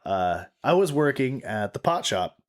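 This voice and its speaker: A man's voice: medium pitch, measured pace. A man in his twenties from the Pacific Northwest, co-hosting a podcast in casual, jokey chat. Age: 20s. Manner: animated, jokey, rambling storyteller. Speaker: podcast co-host.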